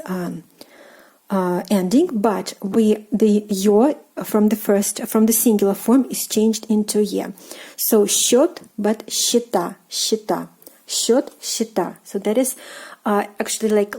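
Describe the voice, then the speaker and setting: Slow, mellow-voiced Russian-accented woman teacher. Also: medium pitch. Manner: patient, hesitant, many fillers, repeats each word slowly. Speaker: language teacher. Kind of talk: slow, careful language lesson.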